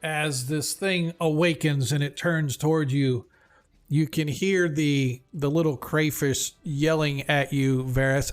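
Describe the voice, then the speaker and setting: A man runs a tabletop game as its game master, describing the scene for his players. His voice sits a little high, and he talks in a loose, descriptive way, full of likes and restarts. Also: fairly even intonation, takes it slowly, clean tone, soft background music.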